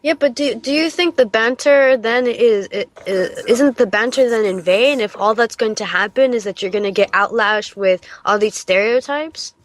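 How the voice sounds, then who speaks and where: A woman's voice: a little high, moderate pace, hardly any pauses. A young woman hosting a casual podcast, thinking aloud in rambling sentences and putting questions to her co-hosts. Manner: thoughtful, rambling, restarts phrases. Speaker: podcast host posing questions. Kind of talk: casual chat.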